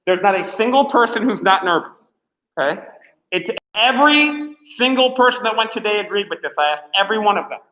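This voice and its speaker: A man's voice: high voice, animated, a little fast, pushed and bright, echoey room, low-quality recording. A man teaching a class, giving chatty, encouraging instructions with lots of fillers.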